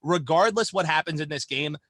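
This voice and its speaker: A man co-hosts a sports betting podcast in a loose, animated chat, swearing casually and hyping his segments like an announcer. His voice is bright and forceful, pitched a little high for a man. The sound is close and dry. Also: brisk, no echo. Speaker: podcast co-host.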